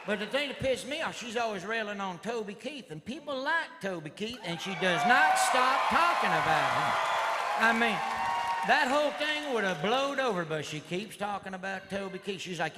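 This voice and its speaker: A middle-aged Southern comic works a live comedy club crowd, rambling in a rowdy redneck drawl and yelling his punchlines at a moderate pace. His voice is high and expressive, and the live hall recording is full of audience laughter and crowd noise.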